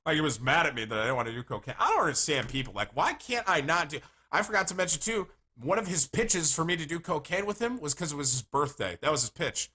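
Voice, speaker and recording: Animated streamer man telling stories. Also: a little high, quick pace, few pauses, slightly rough. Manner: animated, rambling, swears freely. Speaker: livestreamer. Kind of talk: casual storytelling to stream chat.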